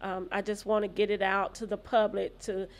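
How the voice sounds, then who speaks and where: A middle-aged woman answering interview questions in an earnest, steady way, listing dates and events. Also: mid-range voice, normal speed. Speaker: guest.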